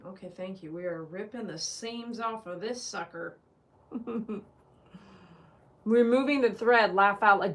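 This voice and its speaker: Lady groomer yakking at her stream chat, sharp bright voice, teasing. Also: mid-range voice, expressive, unhurried, pauses often. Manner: chatty and teasing, talks straight to the chat. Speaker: dog groomer hosting a livestream. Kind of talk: casual livestream chat with viewers.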